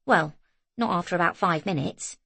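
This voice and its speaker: A woman voicing a lively young single mother in an audiobook, bright and animated. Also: fairly low pitch, moderate pace, vocal fry, breathy edge, no room sound, full character voice. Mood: flustered.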